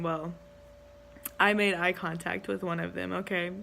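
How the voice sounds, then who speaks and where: A woman's voice: on the low side, little pitch movement, normal speed, gravelly, a bit bright, a little hiss or hum. Chatty young woman telling a story. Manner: chatty, heavy use of "like", giggly. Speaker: education student. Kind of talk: casual vlog storytelling.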